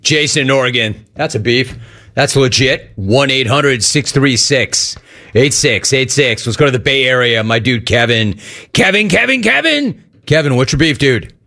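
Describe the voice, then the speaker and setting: A man's voice: mid-range voice, moderate pace, bright, forceful tone. Joking male talk radio host. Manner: joking, riffing. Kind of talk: casual talk radio hosting.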